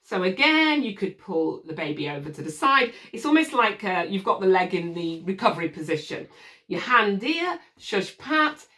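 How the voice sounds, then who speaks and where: A woman teaching parents a soothing technique for settling a baby, speaking calmly and patiently and demonstrating soft shushing. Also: mid-range voice, moderate pace. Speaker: baby sleep consultant. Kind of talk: instructional demonstration. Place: room with a changing mat set up as a crib. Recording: voice from a distance from the mic.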